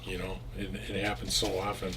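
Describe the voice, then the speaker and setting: A man's voice: low voice, monotone, fairly quick, background noise. A man casually telling a story from his own past, rambling with restarts and frequent swearing. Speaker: storyteller recounting his past as a drug dealer.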